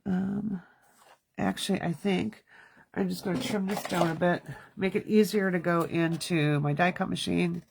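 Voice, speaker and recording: A woman in her thirties hosts a casual card-making livestream from her home studio, chatting and talking to herself as she works. Her voice is fairly low and gravelly, with fairly even intonation and a moderate pace, over a noisy background.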